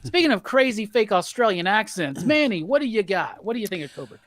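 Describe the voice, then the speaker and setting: A man's voice: high-pitched, big pitch swings, quick pace, a bit bright, no room sound. A man hosting a panel livestream about comics, chatting enthusiastically and handing the floor to his guests. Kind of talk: casual panel chat on a livestream.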